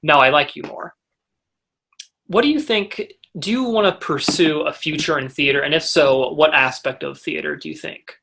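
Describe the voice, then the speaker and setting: A teenage boy and young actor in a casual interview, rambling and halting, with frequent restarts. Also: a little high, creaky, bright, forceful tone.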